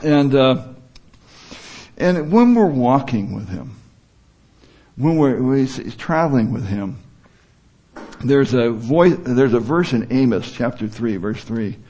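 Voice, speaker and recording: A man's voice: mid-range voice, lively intonation, slow pace, pauses often, warm tone. A man giving an informal sermon, talking conversationally and stopping to rephrase as he quotes scripture. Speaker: preacher.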